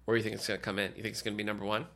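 A man's voice: fairly low pitch, flat delivery, very fast, a bit bright. A man co-hosting a casual podcast, joking and laughing as he chats. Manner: jokey, laughing, rambling. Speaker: podcast co-host. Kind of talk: casual chat.

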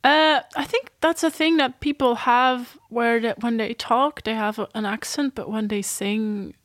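A woman's voice: fairly high pitch, a little slow, a bit bright, no room sound, clean studio sound. A young woman with a mixed Irish and Dutch accent, a singer being interviewed, talking hesitantly and giggling. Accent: Irish with a Dutch tinge. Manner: giggly, hesitant, many fillers. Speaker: singer and guest. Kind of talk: casual interview chat.

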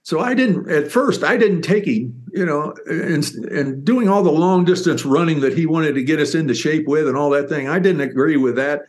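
An older man, a former football player and author, telling stories in an interview with animated, rambling enthusiasm. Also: a little high, normal speed, few pauses. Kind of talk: interview storytelling.

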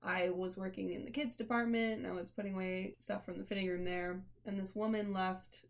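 A woman's voice: mid-range voice, fairly even intonation, fairly quick. A young woman chatting casually as a podcast co-host, telling stories with dry, teasing humor. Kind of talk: casual chat.

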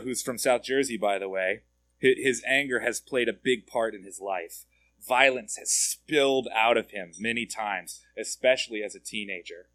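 A man's voice: mid-range voice, fairly bright tone, no echo. A man giving a conversational sermon as a pastor, often asking his listeners direct questions and repeating words as he goes.

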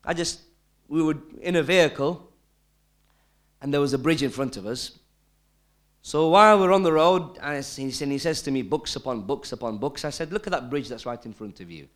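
A male preacher giving a sermon, emphatic and full of rhetorical questions, dropping to hushed tones and rising again. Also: fairly high pitch, lively intonation, normal speed, long pauses. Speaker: Islamic preacher.

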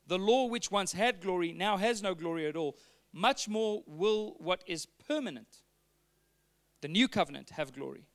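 A male pastor preaching a sermon, earnest and animated, reading scripture and breaking into acted asides. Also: high-pitched.

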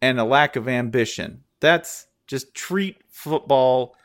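A man co-hosting a casual sports podcast, joking and animated, his voice jumping up when excited. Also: medium pitch, slow pace. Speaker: podcast co-host.

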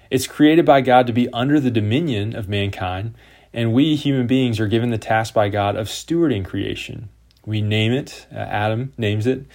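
A man's voice: fairly low pitch, darkish tone. A man giving a lecture, reading passages aloud and then explaining them with occasional fillers and restarts. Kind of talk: lecture on scripture and literature.

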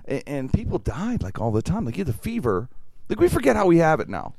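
A man hosting a casual podcast. He rambles along with constant restarts and fillers, his pitch bouncing lively up and down. His voice is recorded close and dry. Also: quick pace, vocal fry, no echo. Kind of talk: casual chat.

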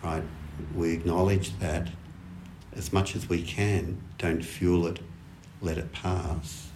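A man giving a relaxed Zen dharma talk, thinking aloud in lists and often checking in with the listeners. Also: sits low, slow, a little hiss or hum. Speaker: Zen teacher.

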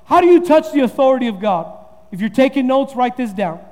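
A man's voice: very high-pitched, very animated, a little fast, a little mellow, in a large hall. A man preaching a sermon as pastor, repeating and building his points with rising emphasis.

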